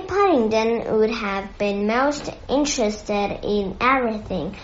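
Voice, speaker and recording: A woman reads a children's story aloud in a gentle, measured way. Her voice is somewhat high and very unhurried. The recording has an echoey room and a dull, muffled tone. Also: a little hiss or hum. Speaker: narrator. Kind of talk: reading a children's novel aloud.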